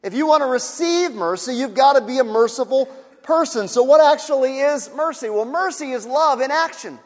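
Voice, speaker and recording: A pastor preaches a sermon in a very high-pitched, expressive voice at a normal speed. He repeats key phrases for emphasis and imitates sighing bystanders, and the recording carries a long hall reverb.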